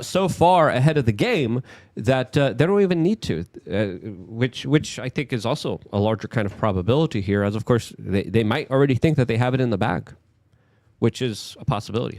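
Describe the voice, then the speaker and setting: A male host talks in a rambling, emphatic way. His pitch is middling. The sound is dry with no room echo. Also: darkish tone. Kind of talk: casual panel chat.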